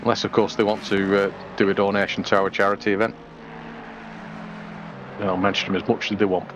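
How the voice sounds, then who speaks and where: A man's voice: on the low side, flat delivery, brisk, noisy background. A man doing live sim racing commentary in a chatty, rambling way with lots of fillers.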